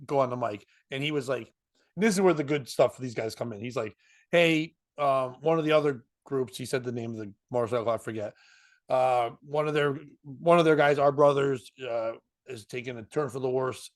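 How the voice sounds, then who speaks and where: A comedian telling a story in casual chat, slipping into voices and laughing often. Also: male voice, mid-range voice. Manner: animated, jumps into voices and laughs.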